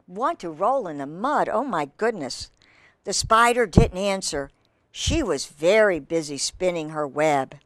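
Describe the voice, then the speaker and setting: A woman's voice: lowish voice, lively intonation, a little slow, fairly bright tone, no echo. A woman reading a picture book aloud to children, with chatty asides to her young listeners and playful animal sounds. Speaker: children's storyteller.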